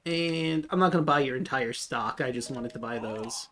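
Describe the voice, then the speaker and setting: A man's voice: mid-range voice, moderate pace, pushed and bright, slight background noise. A man streaming a game, chatting casually and joking about what happens on screen. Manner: joking, reads game text aloud. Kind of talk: casual gameplay chat.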